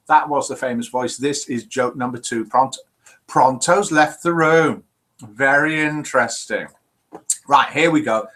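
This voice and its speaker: This man hosts a casual live online chat show for people over 50, chatting as he reads viewers' messages aloud. His voice sits at medium pitch with a fairly bright tone and a breathy edge.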